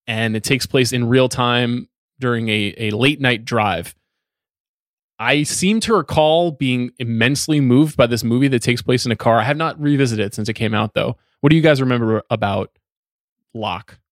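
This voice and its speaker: A man hosting a film podcast, steering the discussion in a measured, casual way. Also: mid-range voice, dry recording, studio quality. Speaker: podcast host. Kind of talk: casual film-review chat.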